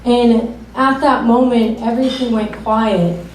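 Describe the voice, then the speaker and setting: Young woman from Massachusetts, first stand-up set, halting and filler-heavy, distant echoey club sound. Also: fairly high pitch, fairly even intonation, darkish tone, slight background noise. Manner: hesitant, halting delivery with many fillers. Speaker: stand-up comedian. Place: comedy club stage. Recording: roomy club sound from far off.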